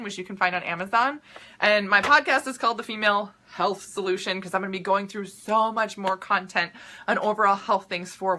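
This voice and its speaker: A woman's voice: mid-range voice, pushed and bright. A young woman with a Minnesota accent, a health coach chatting casually and upbeat to viewers, with lots of ums and restarts. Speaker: health coach and podcast host. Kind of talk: casual live-stream talk to viewers.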